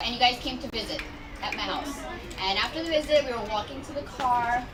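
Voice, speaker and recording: A woman's voice: fairly high pitch, a little fast, background noise. A woman giving a heartfelt, nervous birthday speech as a close family friend. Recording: echoey hall, distant mic, loud crowd.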